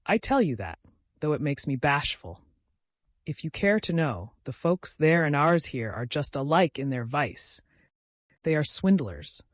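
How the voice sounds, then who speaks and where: A man's voice: fairly high pitch, sing-song, measured pace, dry recording. A man reading as a bitter, conceited young male lackey, speaking curtly and with disdain. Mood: disdainful. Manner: curt, disdainful.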